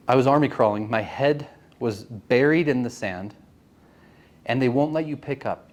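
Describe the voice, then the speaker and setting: A man in his late thirties telling a personal story to a networking group, earnest and often asking the audience questions. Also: mid-range voice. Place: meeting room.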